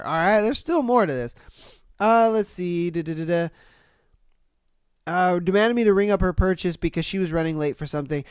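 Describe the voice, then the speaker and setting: A young adult podcast host reads listener stories and breaks off to react with profane disbelief. The delivery is slow and unhurried, and the sound is dry and close. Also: mid-range voice, smooth, no echo. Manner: profane, loudly incredulous reactions.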